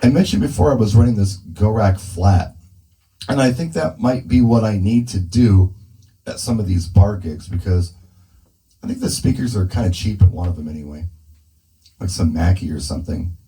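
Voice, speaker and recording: A man's voice: on the low side, normal speed, dark tone, poor audio. A man testing a microphone through a speaker indoors, thinking aloud casually as he adjusts the settings. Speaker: mobile DJ testing gear. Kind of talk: casual demo talk. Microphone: handheld dynamic mic through a PA speaker.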